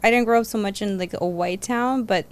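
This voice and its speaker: Woman host, smooth clear voice, curious and chatty. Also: medium pitch, a little fast. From Virginia. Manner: curious, asks follow-up questions. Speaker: podcast host. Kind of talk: casual interview chat.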